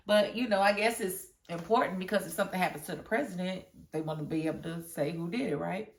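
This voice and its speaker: A woman casually reviewing a TV episode, chatty and animated, often breaking into laughter as she retells scenes. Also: lowish voice, fast, distant mic. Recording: roomy echo.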